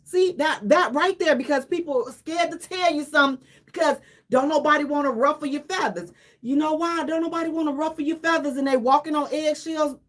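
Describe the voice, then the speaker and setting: Talking fairly quickly in a high pitch, a woman hosting a radio show delivers casual, energetic commentary. She repeats herself for emphasis and laughs between lines.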